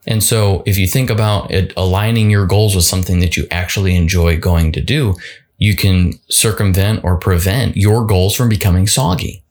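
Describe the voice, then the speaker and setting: A man's voice: low voice, normal speed, darkish tone. A man hosting a solo motivational podcast, talking casually and often restarting and repeating words. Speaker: podcast host.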